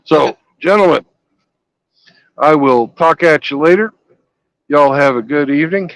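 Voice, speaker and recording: A man's voice: a little high, a little slow, a bit bright, no echo, rough recording. A man hosting a livestream from his parked truck, chatting in a laid-back way and swearing casually. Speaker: livestream host, truck driver. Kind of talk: casual chat.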